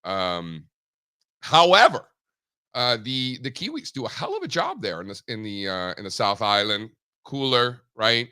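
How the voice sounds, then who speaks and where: A man hosting a live market show, brash and animated, swearing casually as he chats. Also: mid-range voice, measured pace, clear, resonant tone. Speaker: host. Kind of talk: casual livestream chat.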